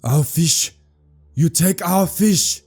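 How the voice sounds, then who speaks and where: A man voicing a menacing male jungle warrior leader who shouts in broken, halting English. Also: a little high, slightly rough, faint music behind, pitched above the performer's own voice. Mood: furious shouting.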